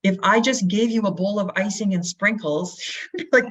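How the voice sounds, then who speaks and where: A woman speaking as a guest in an interview, energetic, asking rhetorical questions and acting out quotes. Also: mid-range voice, normal speed, slightly rough. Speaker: real estate brokerage guest. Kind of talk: animated interview talk. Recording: dull lo-fi audio.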